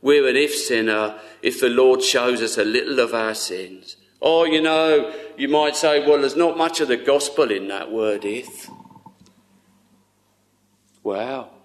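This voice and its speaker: A preacher delivers a sermon slowly and drawn out, with long pauses. His ordinary middle-pitched voice is earnest and tender, often dropping to a soft hush.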